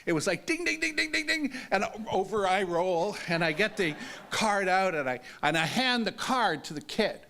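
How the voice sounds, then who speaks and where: A man's voice: sits high, lively intonation, moderate pace, gravelly, sharp tone, slight background noise. An older man giving a talk as a disability advocate, telling a story in a conversational, humorous way and often checking in with "okay?".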